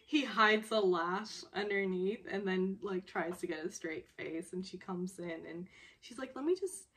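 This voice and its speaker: A woman's voice: medium pitch, unhurried, fairly bright tone. A woman vlogger giving a casual, chatty recap of a drama episode, laughing often and rambling with lots of fillers. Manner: giggly, laughs often while retelling.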